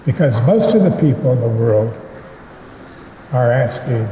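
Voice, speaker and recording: A man preaching a sermon as pastor, in a slow and measured way with deliberate pauses. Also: mid-range voice, animated, warm tone, slight background noise. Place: church sanctuary. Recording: echoey church hall with long reverb.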